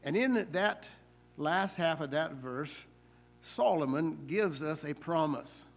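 A man preaching a sermon in church, slowing down to stress the scripture he quotes and often pausing with fillers and repeated words. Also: on the high side, expressive, vocal fry.

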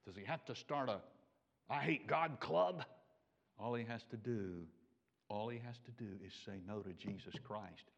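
A man preaching a sermon, animated, swinging from loud emphatic peaks to quiet low asides. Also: normal speed, vocal fry. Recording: dull lo-fi recording.

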